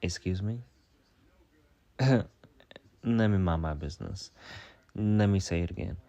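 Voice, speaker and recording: Low-voiced sassy profane young man. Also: a little slow, pauses often, mellow. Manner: sassy, profane, rambling with frequent "like". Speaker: comedy character host answering viewer questions. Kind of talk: comedic storytime monologue.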